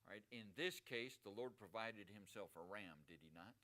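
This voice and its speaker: Emphatic preacher with a bright, lower voice. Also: male voice, moderate pace. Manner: emphatic, rhetorical questions to the congregation. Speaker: pastor. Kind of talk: sermon. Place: church service.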